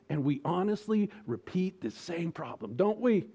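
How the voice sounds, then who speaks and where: A man preaching a sermon, animated and full of rhetorical questions, swinging from loud emphasis to soft, slow appeals. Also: on the high side, husky.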